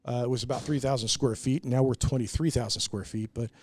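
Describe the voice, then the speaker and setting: Middle-aged guy telling brewery stories, lots of uh's, dry close sound, middle pitch. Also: steady tone, fast talker, no echo. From United States. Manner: earnest, many "uh"s, acts out quoted people. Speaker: brewery owner, guest. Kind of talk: casual storytelling in a podcast interview.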